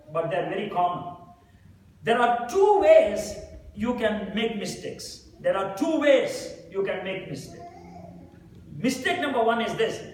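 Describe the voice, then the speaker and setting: A man's voice: very high-pitched, slight background noise. A man preaching a sermon, retelling a story with quoted dialogue and then explaining it plainly to the congregation. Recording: very echoey room, mic far away.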